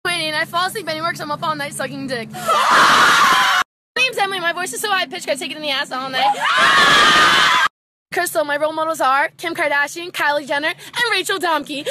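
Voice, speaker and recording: A teenage girl shouting one-line roast introductions, laughing between them, recorded on a phone. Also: high-pitched, fast talker. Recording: loud crowd and noise on phone video.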